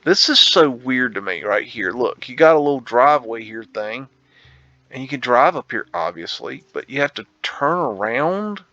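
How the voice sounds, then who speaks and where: A man's voice: mid-range voice, pushed and bright, no echo. A man hosting a casual photo-tour commentary, rambling and musing with slangy asides. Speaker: host. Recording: dull lo-fi sound with faint guitar music.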